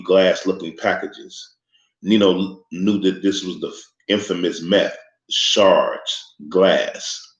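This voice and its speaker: Deep-voiced man narrating an audiobook. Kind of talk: scripted narration. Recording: echoey, slightly muffled room recording.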